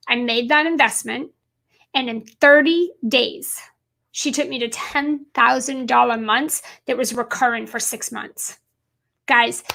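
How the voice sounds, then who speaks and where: A woman with a high, bright voice and a gravelly edge gives a motivational talk straight to camera. She speaks as a business coach, emphatic and repetitive, driving her points home and calling her viewers guys.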